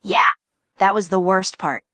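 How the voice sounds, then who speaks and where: A woman's voice: medium pitch, unhurried, fairly bright tone, dry recording, lightly acted. A woman voicing a nervous, sheepish male frog recounting a story. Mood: subdued.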